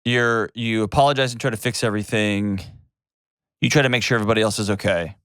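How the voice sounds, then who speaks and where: A man's voice: lowish voice, steady tone, quick pace, fairly bright tone, smooth, dry recording. A man hosting a call-in advice show, talking in a direct, reassuring way and cutting in to steer the conversation. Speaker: host.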